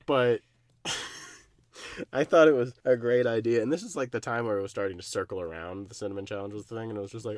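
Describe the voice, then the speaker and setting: A man's voice: fairly low pitch, fast talker, no room sound. Laughing young man telling a story. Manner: animated, laughs through stories, swears freely. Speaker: podcast co-host. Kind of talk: casual storytelling chat.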